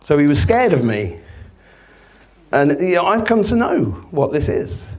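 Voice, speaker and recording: Lively man telling stories to a crowd. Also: fairly high pitch, measured pace. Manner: storytelling, acts out shouting people, swears freely. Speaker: speaker. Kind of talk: live talk to an audience.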